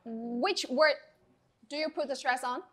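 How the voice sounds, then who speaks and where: A woman leads an English lesson in a classroom, her voice high and bright. She guides students patiently and encouragingly, speaking clearly and instructively. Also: measured pace, slight background noise. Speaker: English teacher. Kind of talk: classroom teaching.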